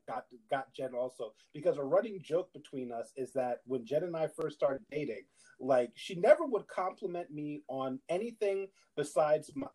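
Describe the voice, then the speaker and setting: Young guy cohosting a podcast, husky and kinda high, animated storyteller. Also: rough recording. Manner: animated storyteller, acts out his wife's lines in a higher voice. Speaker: podcast co-host. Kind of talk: casual chat.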